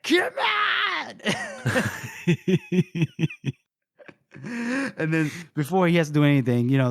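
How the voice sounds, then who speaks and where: Excitable man recapping a book. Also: medium pitch, dry recording, studio quality. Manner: excitable, narrates battles fast and acts out characters' lines. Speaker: podcast co-host. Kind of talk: casual chat, recapping a book chapter.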